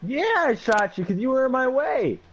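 A woman's voice: high-pitched, expressive, moderate pace, highs cut off, soft background music. A woman in gaming voice chat, giggly and laid-back. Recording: loud noise on game capture.

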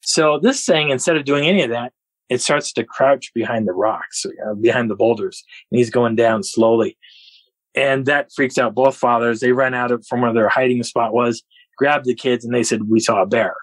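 A man guest on a podcast, telling a story in an animated way and laughing often. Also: medium pitch, moderate pace, dry recording, poor audio. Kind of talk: storytelling an encounter.

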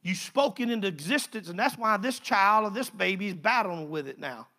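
An older man preaching, his voice high, bright and gravelly. He moves between hushed, personal storytelling and fervent, rising exhortation in a folksy sermon style. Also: animated, a little fast. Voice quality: folksy Southern phrasing.

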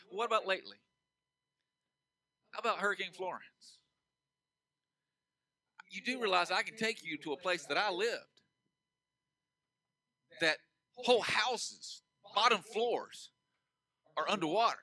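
Emphatic preacher man, bright voice. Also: high voice, low-quality recording. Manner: preaching with emphatic swings from loud to hushed; drawls key phrases slowly for emphasis. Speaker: pastor. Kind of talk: sermon.

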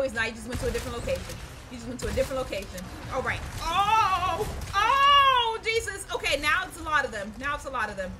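A woman giving casual, profane let's-play commentary, loud and excitable as she yells at the game. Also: a little high. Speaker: gaming channel host. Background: game music.

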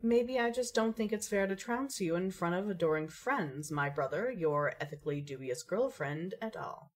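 A woman's voice: lowish voice, expressive, moderate pace. A woman playing an aloof, witty young woman gamer who talks in dry, elaborate phrases. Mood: arch. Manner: arch, dry, elaborate wordplay.

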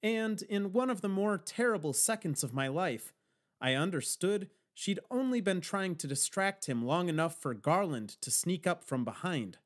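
A man's voice: sits high, animated, moderate pace. A man narrating a first-person audiobook with wry, dry storytelling.

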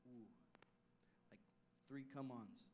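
A pastor preaching a sermon, swinging from loud declarations down to hushed asides. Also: male voice, mid-range voice, slow pace, a little hiss or hum.

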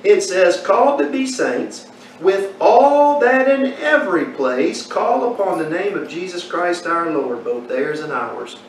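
A man's voice: high-pitched, animated, a little slow. A man teaching a Bible class, quizzing his listeners and telling folksy stories. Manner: asks the class questions, folksy storytelling. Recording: echoey room from far off, faint noise.

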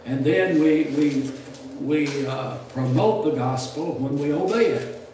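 Male preacher, folksy storyteller, slightly high voice, roomy distant sound. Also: slow pace, dark tone. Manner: folksy, storytelling, repeats words. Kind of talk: sermon lecture. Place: church hall. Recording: echoey hall mic from a distance, faint noise.

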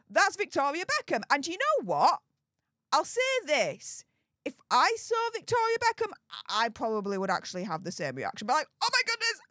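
A woman's voice: fairly high pitch, a bit bright, no room sound, studio quality. Chatty woman dishing celebrity gossip. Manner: chatty, dramatic, drawn-out emphasis. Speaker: commentary channel host. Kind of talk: casual celebrity gossip commentary.

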